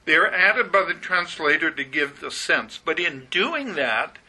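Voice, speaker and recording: A man gives a verse-by-verse Bible teaching with a somewhat high, sharp and forceful voice. He works through the Greek grammar methodically and leans hard on the key words. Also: very animated, a little slow, husky, low-quality recording.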